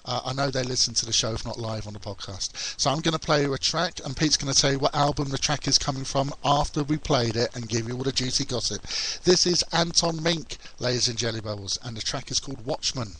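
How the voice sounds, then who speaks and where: A man's voice: medium pitch, fast talker, fairly bright tone, slight background noise, low-quality recording. A man hosting an internet radio show, chatting casually, swearing and mimicking other people. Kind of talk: casual on-air banter. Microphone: studio mic, co-host over a call.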